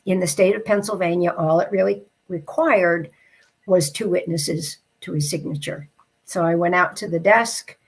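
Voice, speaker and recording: A woman, an interview guest, telling a personal story in a heartfelt, reflective way and slowing down at the emotional moments. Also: medium pitch.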